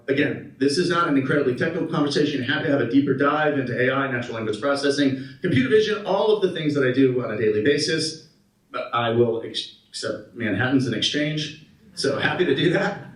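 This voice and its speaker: A man in his thirties giving a conference keynote, an animated storyteller who asks the audience questions. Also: medium pitch. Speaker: keynote speaker. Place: conference hall. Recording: roomy hall, mic at a distance.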